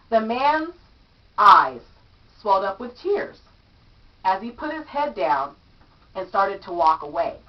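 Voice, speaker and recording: A woman reading a children's story aloud to young listeners, animated and acting out the characters' lines. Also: mid-range voice, slow. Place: home room among her statues. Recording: distant, dull lo-fi mic.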